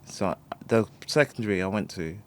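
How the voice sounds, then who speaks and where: Lively low-voiced man. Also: normal speed, no echo. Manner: animated storytelling, laughs often, swears casually. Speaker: podcast co-host. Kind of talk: casual chat.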